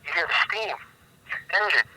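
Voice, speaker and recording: A man from the American Pacific Northwest, a podcast guest telling absurd stories in a deadpan, halting way. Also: sits high, slightly rough, no room sound, low-quality recording. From United States, Pacific Northwest. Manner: deadpan, absurd joking with hesitant restarts. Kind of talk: comedic podcast interview.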